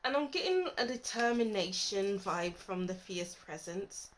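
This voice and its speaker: A woman's voice: mid-range voice, expressive, a little slow, slight background noise, poor audio. A woman giving a casual tarot reading, thinking aloud and musing as she lays out cards. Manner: thinking aloud, musing, trailing off mid-thought. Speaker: tarot reader.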